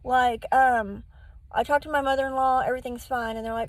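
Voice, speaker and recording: A high-pitched middle-aged woman talks straight to camera, rambling candidly through a personal story. Her recording is dry and close, with no room sound. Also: normal speed, dry recording, low-quality recording. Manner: candid, rambling, acts out quotes in the telling. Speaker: vlogger.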